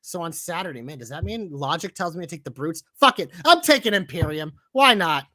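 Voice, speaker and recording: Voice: mid-range voice, big pitch swings, a little fast, no echo. A podcast co-host reading out a lineup and giving blunt, cussing opinions in casual banter. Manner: blunt, swears, swings from loud to mumbled.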